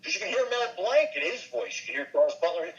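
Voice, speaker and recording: An older man, a voice actor, chatting in an interview and telling animated stories, now and then dropping into quick impressions. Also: sits high, highs cut off. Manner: animated storyteller, slips briefly into impressions. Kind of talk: casual interview chat.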